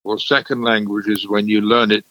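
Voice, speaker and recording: A man's voice: on the low side, level tone, moderate pace, sharp tone, dry recording, highs cut off. An older man, explaining language history in a discursive, lecturing way during a radio interview. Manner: discursive, lecturing, with small chuckles. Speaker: language expert.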